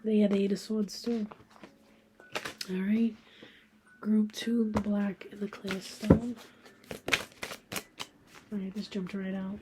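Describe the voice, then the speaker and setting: A woman giving a casual tarot card reading, talking informally and reading card messages aloud, often slipping into a soft half-whisper. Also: mid-range voice, fairly even intonation, takes it slowly, long pauses, slight background noise. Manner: reads card messages aloud, thinking out loud.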